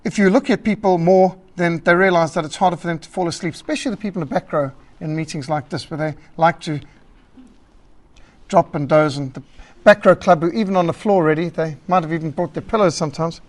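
A man teaching a church group about public speaking, emphatic and lively, listing his points and acting out rambling callers. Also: fairly high pitch, quick pace. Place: meeting hall.

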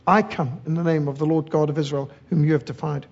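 A man's voice: a little high, fairly even intonation, fast talker, gravelly, a little mellow, breathy edge, lo-fi sound. A middle-aged man from South Africa preaching a sermon, fiery and emphatic, building rhythmic lists of words.

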